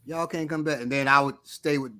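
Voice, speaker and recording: Speaking fast and clearly in a resonant, medium-pitched voice, this middle-aged podcast co-host keeps the talk casual. His funny stories come out animated, punctuated by frequent laughter.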